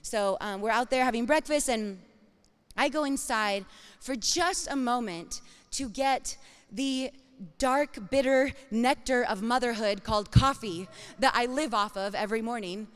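High-voiced woman telling a lively story. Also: unhurried, clean tone, in a large hall. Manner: expressive, dramatic, swings between hushed and loud. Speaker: mother telling a personal story. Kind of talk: animated personal storytelling.

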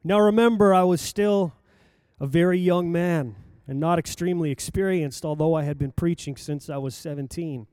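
An older man preaching, telling a personal story in a lively anecdotal way with acted-out quotes. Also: on the high side, normal speed, clear, resonant tone, no room sound. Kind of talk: sermon storytelling.

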